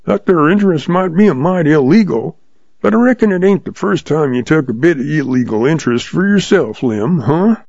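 A sly old outlaw drawls with patient, folksy calm, as a man puts him on. The voice sits higher than the narrator's and keeps a gravelly, husky edge. The sound is dull and lo-fi, in a storybook reading. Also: moderate pace, no room sound.

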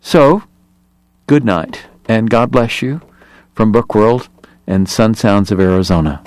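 A man hosting a radio book reading, narrating in a measured, expressive way. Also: on the low side, no room sound. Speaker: radio book reader and host. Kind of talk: dramatic audiobook reading on radio.

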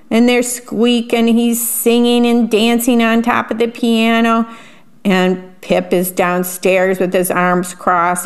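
A woman reading a picture book aloud and pausing to describe the pictures in a chatty aside. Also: on the high side. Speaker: storyteller.

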